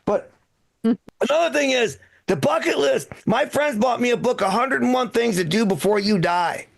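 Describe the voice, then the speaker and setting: A man's voice: very high-pitched, lively intonation, normal speed, gravelly. A man doing stand-up and emceeing a comedy show, crude and swearing casually.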